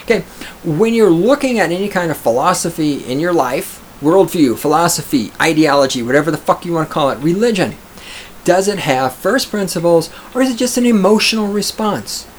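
A man's voice: on the high side, expressive, brisk, slight background noise. A man reading an article aloud and reacting to it in casual commentary, profane and sarcastic, often mocking others in a raised put-on voice.

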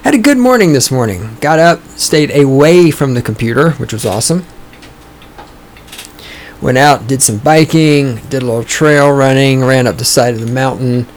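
A man hosting his own podcast, talking in a sarcastic, profane, ranting way, his voice starting to go hoarse. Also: medium pitch, expressive, normal speed, slight background noise. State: voice going hoarse. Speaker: podcast host. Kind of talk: casual opinionated podcast monologue. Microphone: studio microphone.

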